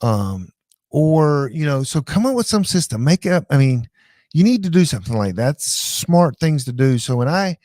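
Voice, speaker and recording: A middle-aged man hosting a live show, chatting casually and telling rambling, animated stories full of restarts. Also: fairly high pitch, normal speed, no echo, clean studio sound. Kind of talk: casual live-stream chat.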